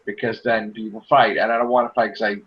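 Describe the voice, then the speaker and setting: A man's voice: lowish voice, fast talker. Chatty man on a lo-fi podcast. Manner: animated, mimics people in quotes, self-described corny joker. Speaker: podcast co-host. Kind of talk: casual chat.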